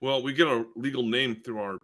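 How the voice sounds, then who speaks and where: A man with a bright, edgy voice joins a casual panel chat. He speaks thoughtfully, often opening his points with "uh" and "um" before settling in. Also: mid-range voice, fairly even intonation, fairly quick. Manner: reflective, hesitant starts with fillers.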